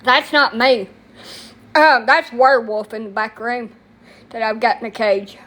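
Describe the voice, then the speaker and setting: A brash, crude-mouthed middle-aged woman with a high voice, chatting loosely on a live stream. She rambles from one thing to the next, quick to curse. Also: fairly even intonation, fairly bright tone, a little hiss or hum. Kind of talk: casual live-stream chat.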